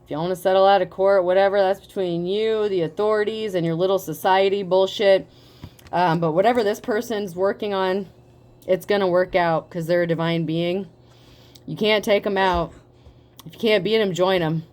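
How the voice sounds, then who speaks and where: A woman giving a casual tarot reading, talking in a profane, animated way and laughing often. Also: mid-range voice, moderate pace. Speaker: tarot reader.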